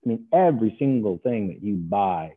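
A man's voice: fairly low pitch, moderate pace, husky. Middle-aged guy, tinny call audio, acts out voices when he tells stories. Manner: animated storyteller, acts out other voices. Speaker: guest, commodities trader. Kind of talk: casual interview talk. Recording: tinny phone-like remote line.

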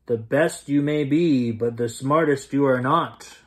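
Brief: man doing storybook ice monsters, slow and menacing. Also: mid-range voice, lightly acted. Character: sinister sea-ice creatures that snatch children.

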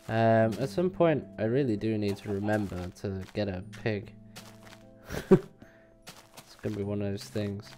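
A man's voice: fairly low pitch, unhurried, long pauses, warm tone, soft background music. A man giving casual gameplay commentary as a let's play host, rambling and hesitant with many fillers.

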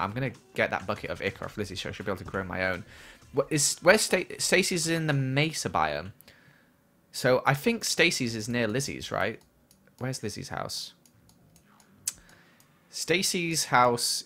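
A young man streams a game and answers viewer questions in easy, casual chat. His voice is bright and swoops up and down a lot. Soft music and keyboard typing sit behind him. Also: lowish voice. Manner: chatty, reads and answers viewer questions while playing. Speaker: livestreamer. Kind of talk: casual gaming livestream chat.

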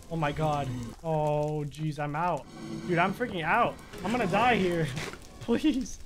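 A young man giving excitable live commentary while playing a video game, muttering one moment and yelling the next. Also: on the high side, takes it slowly, noisy background. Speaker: gaming YouTuber.

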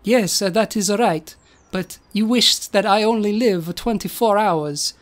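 A woman's voice: mid-range voice, measured pace, lightly acted. A woman doing a mock-Italian robot knight. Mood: boastful. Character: bragging male robot knight come to life.

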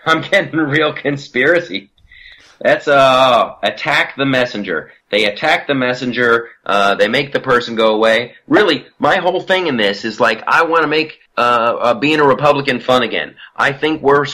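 Bright-voiced ranting man on a podcast. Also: medium pitch. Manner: animated, ranting, profane. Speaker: podcast host. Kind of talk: casual political podcast chat.

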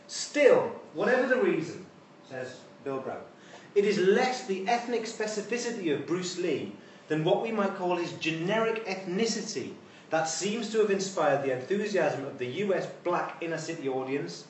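A man's voice: high-pitched, expressive, normal speed, distant mic, a little hiss or hum. Man lecturing in echoey hall. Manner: conversational, wry asides. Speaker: university lecturer. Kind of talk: informal lecture. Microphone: distant room mic.

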